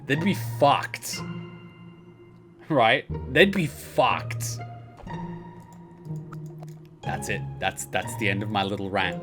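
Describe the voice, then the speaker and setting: A man's voice: lowish voice, big pitch swings, takes it slowly, pauses often, a bit bright. Profane Australian man rambling over music. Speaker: let's play host. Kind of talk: casual gameplay commentary.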